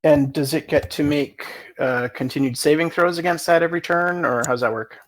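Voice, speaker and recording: A man's voice: a little high, normal speed. A man running a tabletop game as game master, matter-of-fact and asking about the rules.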